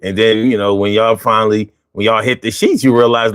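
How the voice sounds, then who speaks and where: A man hosting a casual discussion, animated and often repeating himself. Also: on the low side, brisk, clear, resonant tone, dry recording, clean studio sound. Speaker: host.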